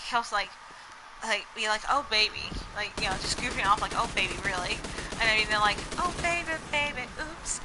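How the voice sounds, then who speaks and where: Talking to camera against a noisy background, a young woman vlogger speaks in a fairly high pitch. Her casual, rambling chat is full of fillers like "like" and "you know," and she breaks into bits of song mid-story.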